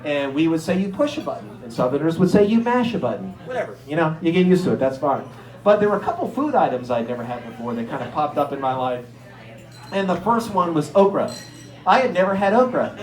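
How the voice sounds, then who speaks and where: A middle-aged man from Erie, Pennsylvania, telling stand-up stories and acting out the people in them with sudden jumps in pitch. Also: fast talker, echoey room, poor audio. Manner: animated, acts out characters with jumps in pitch. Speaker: stand-up comedian. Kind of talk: stand-up storytelling.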